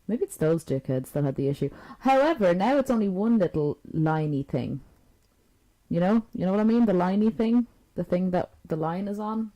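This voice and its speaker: Woman, livestreamer, rambling casual chat, cursing, frustrated, self-mocking, lowish voice, very animated pitch, desk microphone. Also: rough recording. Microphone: new desk microphone with knobs.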